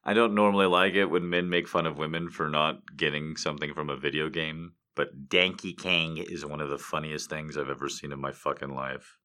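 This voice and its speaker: Deep-voiced man, profane casual banter. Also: steady tone, a little fast, hardly any pauses, bright, forceful tone, clear, resonant tone. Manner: profane, rambling, self-mocking with sudden mock outbursts. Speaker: streamer host. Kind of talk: casual chat.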